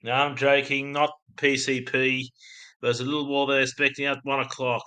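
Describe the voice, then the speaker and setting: Australian male streamer, bright tone, rambling chatty delivery to chat. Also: mid-range voice, completely flat delivery, moderate pace, clear, resonant tone. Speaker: livestream host. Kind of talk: casual livestream chat.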